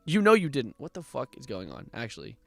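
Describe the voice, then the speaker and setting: A man streaming live in casual chat, animated and profane, quick to laugh. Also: mid-range voice, vocal fry, no echo, clean studio sound. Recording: faint music underneath.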